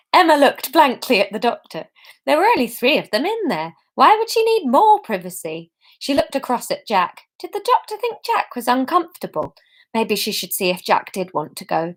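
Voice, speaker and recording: A woman's voice: high voice, sing-song, normal speed. A woman reading her own story aloud to an audience, with chatty, self-mocking asides.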